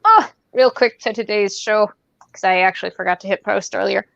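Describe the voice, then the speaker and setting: A woman hosts a relaxed podcast chat, wandering between thoughts with plenty of ums and easy laughter. Her voice sits at an ordinary pitch, and the sound is dull and dry. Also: a little fast, creaky, no room sound. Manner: rambling, laughs often, many fillers. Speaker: podcast host.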